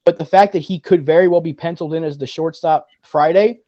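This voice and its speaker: A man co-hosting a podcast in casual sports chat, arguing in a frustrated rapid-fire way. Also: a little high, fairly even intonation, no room sound. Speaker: podcast co-host. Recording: dull, dry lo-fi sound.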